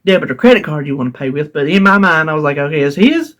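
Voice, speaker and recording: Chatting with her vlog viewers, this middle-aged North Carolina woman tells a casual story in a low, animated voice with a fairly bright tone. She moves at a quick pace and keeps laughing along the way.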